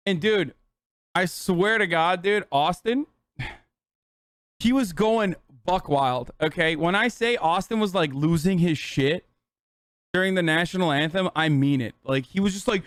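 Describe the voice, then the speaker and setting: A man's voice: sits high, animated, normal speed, no echo, studio quality. A man in his thirties telling a rambling, sarcastic, profane story on a casual livestream. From United States. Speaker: streamer.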